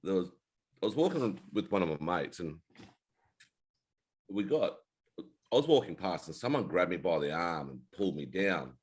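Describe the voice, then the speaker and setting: Deep-voiced Australian man, laid-back. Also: expressive, normal speed, pauses often, husky. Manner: laid-back rambling storyteller, swears freely. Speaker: co-host. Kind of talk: casual chat.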